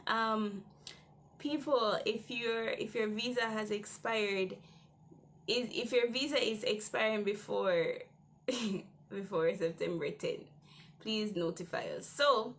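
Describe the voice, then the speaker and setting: A young woman retells a personal story for her devotional channel in a relaxed, chatty way. Her voice is bright and somewhat high, and she often breaks into laughter as her telling grows animated. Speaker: devotional vlogger.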